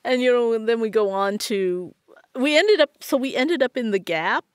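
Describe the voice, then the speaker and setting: Animated woman telling a story. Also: on the high side, normal speed, no echo, studio quality. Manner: animated, acts out quotes in a lively way. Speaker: podcast guest. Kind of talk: casual interview storytelling.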